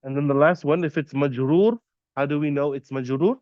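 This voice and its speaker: A man teaching a classroom lesson, patiently quizzing students and repeating terms slowly. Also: on the high side, a little mellow, no echo, dull audio. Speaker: Arabic teacher. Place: classroom at an Islamic center.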